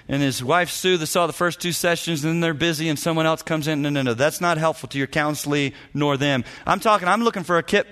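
A man, a senior pastor, giving a teaching talk to church leaders and telling stories with lively acted-out dialogue. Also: fairly high pitch. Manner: animated storyteller, acts out dialogue, chuckles often.

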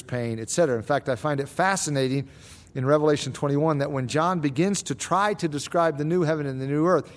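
A man answering Bible questions as a pastor, explaining scripture in a measured, teaching way. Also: on the high side.

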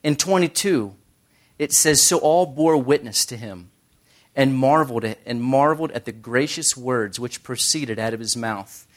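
A man's voice: medium pitch, normal speed. A man teaching a Bible study in a conversational sermon style, making joking asides and quoting scripture.

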